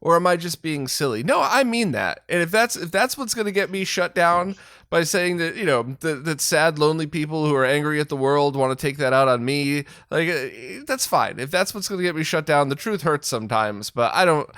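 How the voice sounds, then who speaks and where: A man with a fairly high voice talks frankly and with animation, swearing freely as he hosts a casual chat. The sound is close and dry, with no room around it. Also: normal speed, fairly bright tone, no room sound. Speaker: host, retro gaming video creator. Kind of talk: casual conversation.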